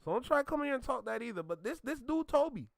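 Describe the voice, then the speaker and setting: A man's voice: extremely high pitch, very animated, fast, vocal fry, no room sound, studio quality. A man hosting a reaction channel, ranting casually in an emphatic, slangy way and repeating himself.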